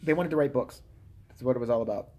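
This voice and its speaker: Brief: husky male streamer, mid pitch, profane and heated casual rant. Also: fast talker. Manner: profane, heated, swings between loud outbursts and muttered asides. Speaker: live-stream host. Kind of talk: casual ranting monologue.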